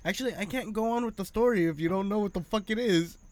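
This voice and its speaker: A man's voice: high-pitched, quick pace. A man telling stories in casual chat, swearing freely and acting out the people in them. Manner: profane animated storytelling.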